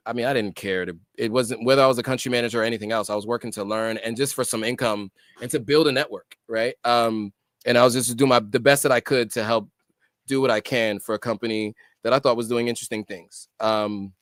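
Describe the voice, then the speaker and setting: A man's voice: mid-range voice, steady tone, a little fast, a bit bright, no echo. A middle-aged American man hosting a casual livestream, reading out viewer comments and answering them with many ums and restarts.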